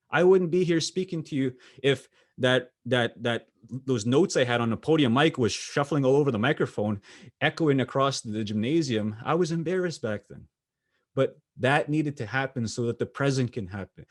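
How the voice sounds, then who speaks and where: A young adult man from Canada giving a motivational keynote, telling personal stories in an earnest, pausing way with small restarts. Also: mid-range voice. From Sweetgrass First Nation, Saskatchewan, Canada. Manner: earnest storytelling with pauses and restarts. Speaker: motivational speaker. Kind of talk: keynote speech.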